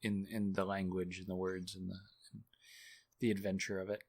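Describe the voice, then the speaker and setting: Male guest, low voice, loose self-deprecating storyteller, lots of ums and restarts. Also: little pitch movement, normal speed, a little mellow. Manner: rambling, self-mocking, many fillers and restarts. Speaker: guest, author and journalist. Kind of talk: casual storytelling interview.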